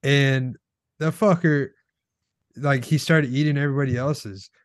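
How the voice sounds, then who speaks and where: A man's voice: medium pitch, fairly even intonation, unhurried, no echo. Young man reminiscing, dry close sound. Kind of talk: casual chat.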